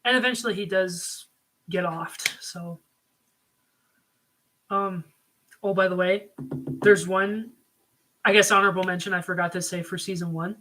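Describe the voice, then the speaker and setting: A man talking casually at home, reviewing a TV series in a rambling, excitable way with lots of fillers. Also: high voice, unhurried, pauses often, noisy background. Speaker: video reviewer. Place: home room.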